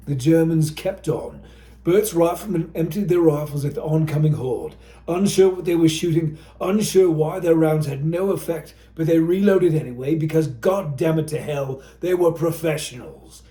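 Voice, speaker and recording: A man's voice: a little high, dark tone. Dramatic male audiobook narrator, echoey.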